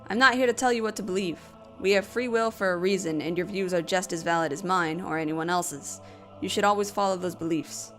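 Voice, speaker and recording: A woman reading as a gentle, devout preacher. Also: lowish voice, a little fast, soft background music, close to an everyday voice. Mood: consoling.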